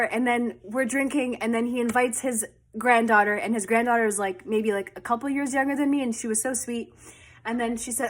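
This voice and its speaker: A young woman from Canada, chatting casually as she tells a story with quoted dialogue. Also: fairly high pitch. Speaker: vlogger.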